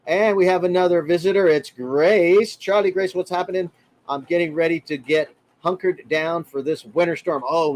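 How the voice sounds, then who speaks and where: A man hosting a casual livestream from his RV, chatting and greeting viewers by name in a friendly way. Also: on the high side. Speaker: livestream host. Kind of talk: casual livestream chat reading comments.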